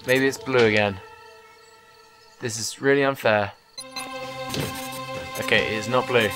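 A man commenting on a game he is playing, jokey and excitable with sing-song exclamations. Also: medium pitch, measured pace, poor audio. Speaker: gaming video host. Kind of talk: let's-play commentary. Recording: game music playing behind.

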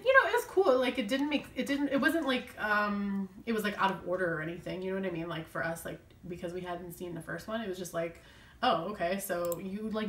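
A woman chatting casually and rambling while she works on her planner, full of fillers and self-deprecating asides. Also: medium pitch. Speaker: planner vlogger.

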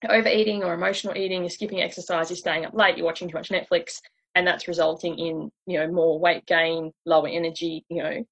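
Woman, weight loss coach giving a slide talk; breathy, chatty, relatable. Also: lowish voice, steady tone, fast talker, a bit bright, rough recording. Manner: chatty and relatable, acts out inner voices.

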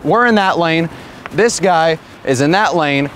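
A man's voice: on the high side, expressive, measured pace, a bit bright. A young man vlogging outdoors by a road after a car crash, upset and swearing as he explains what happened. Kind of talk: casual vlog talk. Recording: noisy street ambience.

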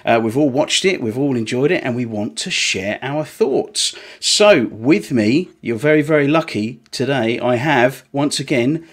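Upbeat podcast host. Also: male voice, mid-range voice, expressive, a little slow, few pauses. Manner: jokey, upbeat, bouncy. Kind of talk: casual chat.

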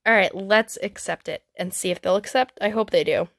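A woman hosting a gaming channel, chatting excitedly as she trades in a game, with frequent gasps and squeals. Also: mid-range voice, brisk, gravelly, no echo, clean studio sound. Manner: chatty, talks to viewers and other players. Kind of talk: playing a trading game while commenting casually.

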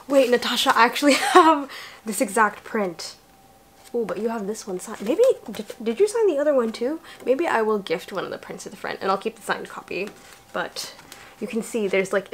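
Young woman vlogger, slightly high voice, chatty unboxing, faint hiss behind. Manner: chatty, bubbly, talks to the viewer as she unpacks. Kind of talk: casual unboxing vlog.

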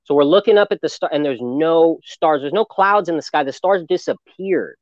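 A man hosting a casual interview, talking in a relaxed, affirming way and telling his own story. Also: on the high side, moderate pace, no echo, lo-fi sound. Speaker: host.

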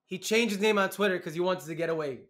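A man's voice: sits high, fast, a bit bright. A man co-hosting a podcast, talking in a heated, mocking way and telling stories with lots of animation. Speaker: podcast co-host. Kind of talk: casual podcast chat.

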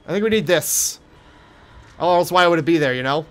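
A young man giving let's play commentary on a horror game, jumpy and profane, yelling at monsters and taunting them. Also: a little high, expressive, fairly quick, pauses often, a little hiss or hum. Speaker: gaming streamer.

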